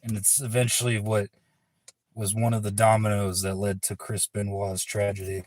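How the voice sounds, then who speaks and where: A man's voice: lowish voice, flat delivery, normal speed, a little mellow. A man hosting a livestream in casual chat, laid-back, rambling and profane. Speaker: livestream host.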